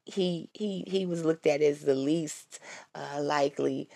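A woman's voice: low voice, measured pace, creaky, warm tone, dry recording, clean studio sound. A woman giving a casual spoken faith testimony, fervent and repetitive, often calling out to her listeners. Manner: fervent, repeats phrases, keeps calling out y'all.

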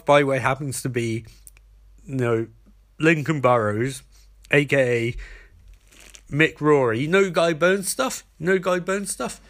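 A man's voice: on the high side, a bit bright. A man putting on a smug, sly male supervillain thief in a casual comic recap, with an offhand drawl.

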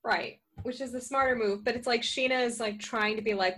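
A woman co-hosting a podcast in casual chat, wry and quick to mimic the people she talks about. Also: on the high side, a bit bright. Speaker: podcast co-host.

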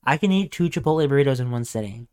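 An excitable young man chatting on a casual podcast, swearing freely. His voice sits at a middle pitch and jumps high whenever he acts out cartoon lines. He talks loosely among friends. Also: fast talker, smooth. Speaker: podcast co-host. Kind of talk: casual chat.

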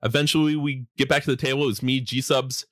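A man casually telling a long anecdote to a friend, animated, often laughing and mimicking people. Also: medium pitch, quick pace, dry recording, studio quality. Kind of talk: casual storytelling chat.

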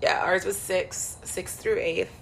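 A woman's voice: on the low side, slow, vocal fry, over music, low-quality recording. A young woman co-hosting a podcast, telling stories in casual chat, acting out quotes and swearing freely. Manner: animated storyteller who acts out quotes and swears freely. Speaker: podcast co-host.

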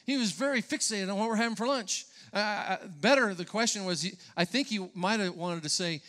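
A man's voice: sits high, animated, fairly quick, hardly any pauses, fairly bright tone. A pastor preaching a sermon to his congregation, emphatic and conversational, often repeating words and asking the listeners questions.

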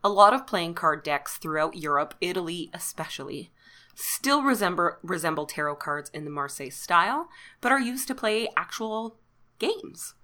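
A Canadian woman hosting her own podcast, talking casually in a fairly low but bright, forceful voice. She is chatty and self-deprecating, and she breaks into laughs often. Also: animated, normal speed. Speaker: podcast host. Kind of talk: casual solo podcast monologue.

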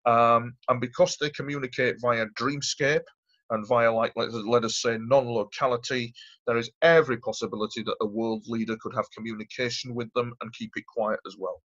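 A man's voice: mid-range voice, steady tone, moderate pace, a bit bright. Earnest man, dull recording. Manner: earnest, rambling, repeats himself. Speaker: guest. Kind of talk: interview storytelling.

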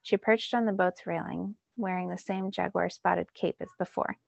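A woman teacher reading a children's novel aloud in a steady storytelling way. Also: on the low side, moderate pace, gravelly, dry recording, highs cut off.

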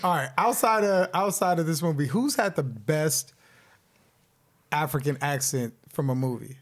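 A man's voice: a little high, normal speed. A man interviewing a guest in a casual, teasing and joking chat. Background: intern on set.

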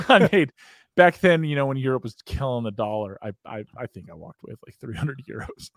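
A man's voice: medium pitch, animated, a little fast, no echo, clean studio sound. A man with an American accent, hosting a podcast and telling a long, profane, rambling story in casual chat, often breaking into laughter. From United States. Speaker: podcast host.

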